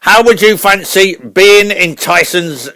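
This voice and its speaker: A man putting on the voice of a gruff, blustering older boxing father, blunt and name-calling in a comedy radio sketch. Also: sits high, slow, pushed and bright, full character voice. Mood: boastful.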